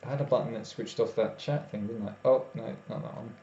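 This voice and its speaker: A man's voice: mid-range voice, steady tone, fast, gravelly, dark tone. A tired man, rambling casually as he chats with viewers on a live stream. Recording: echoey room, dull lo-fi sound, faint noise.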